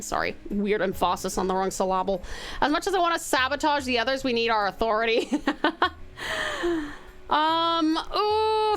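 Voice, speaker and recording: An Australian woman streaming a game, chatting warmly with viewers and reading the game's narration. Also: high voice, sing-song, unhurried, soft background music. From Tasmania, Australia. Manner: bubbly and affectionate with chat.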